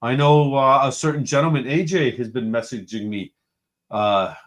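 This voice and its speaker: A man with a medium-pitched voice at normal speed hosts a casual live-stream show from a home room with a computer. He cheerfully greets chat viewers one after another.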